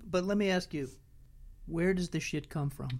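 A man's voice: on the high side, moderate pace, a little mellow. A man in casual podcast chat who keeps cutting in with pushy questions. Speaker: podcast co-host.

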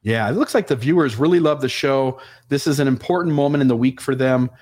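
A man's voice: medium pitch, fairly quick, a little mellow. A man hosting a live show, easygoing and chatty as he talks with his co-host. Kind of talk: casual live show banter.

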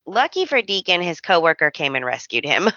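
A woman's voice: fairly low pitch, sing-song, fairly quick, bright, forceful tone, dry recording. A woman co-hosting a podcast, recapping with playful sarcasm and quoting characters. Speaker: podcast co-host. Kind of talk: casual chat recapping a soap opera. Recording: dry, dull lo-fi audio.

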